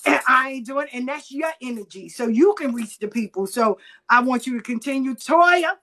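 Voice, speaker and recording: This middle-aged woman talks in a bright, slightly high register. She tells her stories in a loose, animated way, with some cursing. She slips into the voices of the people in her stories as she goes. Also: normal speed. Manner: animated, salty, acts out quoted voices. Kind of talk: casual storytelling chat.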